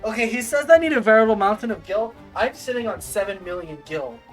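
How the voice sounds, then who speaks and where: A man's voice: high-pitched, animated, quick pace, faint music behind. Playful man streaming a game. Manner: joking and playful, with asides to himself. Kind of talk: casual gameplay commentary.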